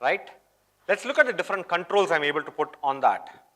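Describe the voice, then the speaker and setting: A man with a fairly high voice walks an audience through a live coding demo at a conference. He keeps it chatty and checks in with the room as he goes. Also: big pitch swings, fairly quick, bright, forceful tone. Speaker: tech conference presenter. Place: conference hall.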